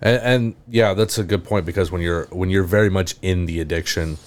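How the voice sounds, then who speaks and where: A man's voice: low-pitched, fairly even intonation, brisk. A man hosting a casual podcast chat, talking candidly and plainly, often restarting his sentences and swearing now and then. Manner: candid, talks of his own sobriety with frequent restarts and swearing. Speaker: podcast host.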